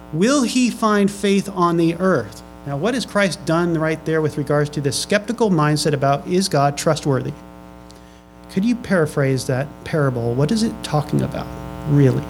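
A pastor preaching a sermon to his congregation. He reads scripture slowly, then presses the room with questions, often repeating and restarting his phrases. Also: on the high side, slight background noise, poor audio.

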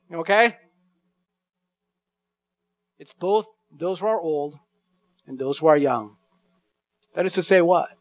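A man preaching an expository sermon, slowing down to read scripture lines with weight and emphasis. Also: high voice, no echo. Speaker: pastor.

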